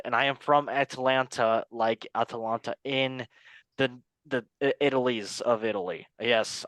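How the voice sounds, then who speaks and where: A man's voice: medium pitch, fairly bright tone, dry recording. A man doing a comedic impression of a goofy, self-promoting male movie star, clowning around. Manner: clowning, repeating a catchphrase-like self-introduction.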